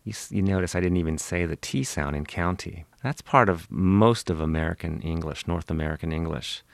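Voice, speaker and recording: A very deep-voiced man with a Western Pennsylvania accent speaks close to a studio microphone in a dry, dead room. He answers interview questions like a professor, measured and explanatory, pausing to demonstrate sounds. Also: creaky, no room sound. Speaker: linguistics professor, interview guest.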